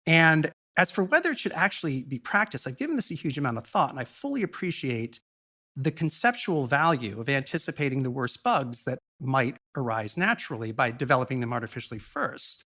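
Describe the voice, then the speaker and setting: A man with a gravelly, creaky edge to his voice talks through a long explanation as a podcast guest. His delivery is measured and earnest, at an ordinary pitch for a man. Every so often he drops in a blunt, frank aside. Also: sing-song, sharp tone. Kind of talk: explanatory monologue in conversation.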